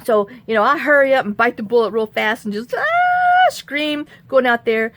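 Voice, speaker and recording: A woman telling a story in a casual vlog, animated and acting out the quotes. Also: on the high side, brisk. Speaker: crafting vlogger.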